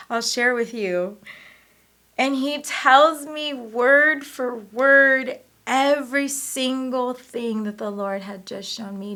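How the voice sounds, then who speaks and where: A woman in her forties giving an earnest, emotional personal testimony in an interview. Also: a little high. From United States. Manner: emotional, earnest, animated retelling.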